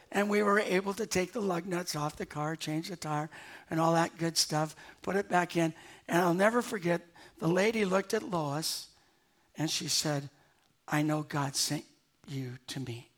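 A pastor preaching a sermon, telling a personal story in an animated way and chuckling at himself as he goes. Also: high-pitched. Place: church sanctuary.

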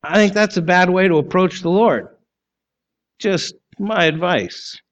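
A man preaching a sermon as pastor, emphatic and full of rhetorical questions, sometimes sinking low and quiet. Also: unhurried, highs cut off.

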